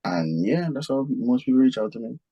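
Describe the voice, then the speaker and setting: A man with a Vincentian accent, talking as a guest in an interview. He speaks in a relaxed, easygoing way and keeps dropping "you know" into his sentences. The sound is dry and close, with almost no room echo. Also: medium pitch, brisk, husky, muffled recording. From St. Vincent and the Grenadines (Union Island). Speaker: guest, music producer. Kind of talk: casual interview talk.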